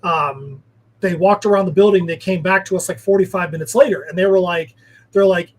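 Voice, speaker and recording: High, husky man spinning anecdotes. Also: steady tone, a little fast, rough recording. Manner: rambling storyteller, filler-heavy. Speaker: guest, comic creator. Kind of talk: telling anecdotes in casual chat.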